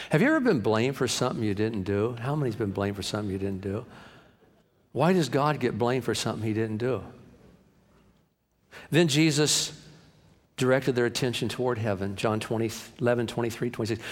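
A man preaching a sermon as pastor, impassioned, swinging between hushed and loud passages. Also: medium pitch. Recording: long hall reverb.

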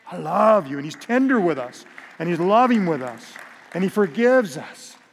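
A pastor delivers an animated, story-driven sermon to a large congregation at a moderate pace, often tripping over repeated words in a voice a little high for a man. Long church-hall reverb trails each phrase, with a faint crowd and slight hiss or hum behind him.

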